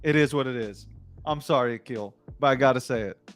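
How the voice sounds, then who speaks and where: A man's voice: mid-range voice, brisk, soft background music. A man co-hosting a late-night news show, talking in a slangy, emphatic and rambling way in casual commentary.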